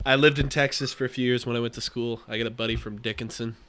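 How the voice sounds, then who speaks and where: A man's voice: medium pitch, fairly even intonation, quick pace, a bit bright, clear, resonant tone. A man co-casting a live esports match, teasing his partner and asking questions. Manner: bantering, teasing, asks questions. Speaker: esports co-caster. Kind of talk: live game commentary.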